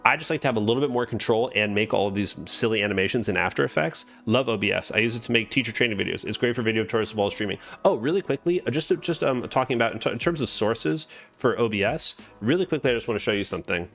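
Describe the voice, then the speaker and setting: A man's voice: medium pitch, expressive, fast, gravelly, fairly bright tone, soft background music. A man casually explaining his streaming setup, rambling, greeting chat mid-sentence and correcting himself. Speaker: Twitch streamer. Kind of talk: live-streamed software tutorial.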